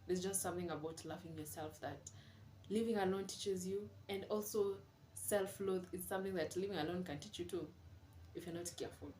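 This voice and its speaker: A woman's voice: lowish voice, fairly quick, mellow. A young woman, talking candidly and confidingly to camera in a casual vlog from her home. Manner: candid, confiding, mixes in Swahili words. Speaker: vlogger. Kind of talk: casual reflective monologue. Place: room at home. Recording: echoey room with faint ambient noise.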